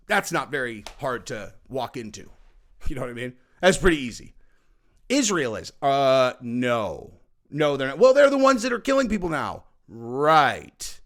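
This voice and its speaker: A man hosts a podcast and talks through his opinions in a long commentary monologue. His voice sits a little higher than most men's. He is emphatic, repeats his points, and acts out how other people react. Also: a bit bright. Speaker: podcast host.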